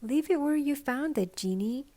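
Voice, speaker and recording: A woman voicing a firm, patient mother, measured and firm, in a bedtime story reading. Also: sits high, expressive, mellow, pitched above the performer's own voice.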